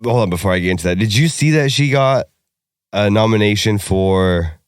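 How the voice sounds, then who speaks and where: A man's voice: fairly low pitch, expressive, normal speed, clean tone, dry recording, studio quality. A man co-hosting a podcast in casual chat, brash and joking, swearing freely. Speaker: podcast co-host.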